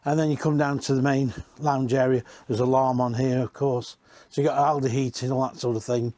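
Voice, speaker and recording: A man's voice: mid-range voice, level tone, fairly quick, warm tone, no echo. A man giving a casual, rambling walk-around tour inside used caravans, chatting and correcting himself as he goes. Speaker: caravan industry reviewer.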